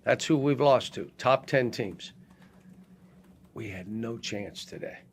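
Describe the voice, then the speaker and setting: Older coach guy at a postgame presser, gravelly voice, blunt, keeps restarting sentences. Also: medium pitch, slight background noise. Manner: blunt, halting, frequent restarts. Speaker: head basketball coach. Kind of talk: post-game press conference. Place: press conference room.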